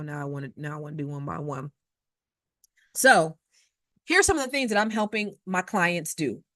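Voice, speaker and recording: A woman talks through real estate advice in a chatty, emphatic way, stacking up repeated phrases and quick asides as she tells stories from her own deals. Her voice sits at an ordinary middle pitch. The sound is dry and close, with no room echo. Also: a bit bright. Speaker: real estate investor advising viewers. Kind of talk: advice talk with personal anecdotes.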